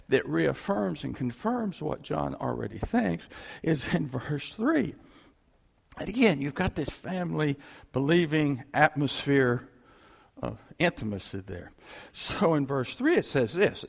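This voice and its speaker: Gravelly-voiced man preaching a lively sermon. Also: on the high side, a little slow, big-room sound. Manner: animated, repeats phrases for emphasis, chuckles often. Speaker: pastor. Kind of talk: conversational sermon.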